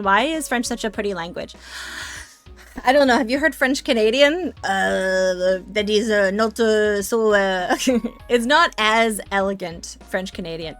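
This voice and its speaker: A woman's voice: medium pitch, a little slow, a bit bright, soft background music. A woman streamer chatting casually and playfully, rambling with sarcastic asides, at a home desk microphone. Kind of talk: casual live-stream chat.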